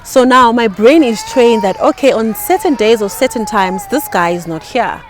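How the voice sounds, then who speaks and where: A woman co-hosting a casual talk show, calmly explaining her view with frequent affirming murmurs. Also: a little high, moderate pace. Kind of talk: casual podcast chat.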